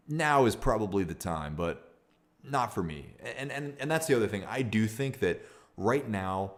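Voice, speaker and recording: A man's voice: on the low side, animated, normal speed. A young man streaming casually, talking in a rambling, candid way with many restarts and fillers. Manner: reads viewer comments aloud. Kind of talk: casual livestream talk.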